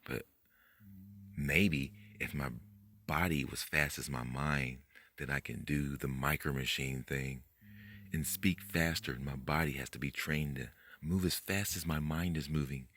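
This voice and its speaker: A man giving a rambling, profane late-night monologue, talking fast, tripping over his words and jumping up in pitch when he gets worked up. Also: fairly even intonation, a bit bright. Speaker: conspiracy video host.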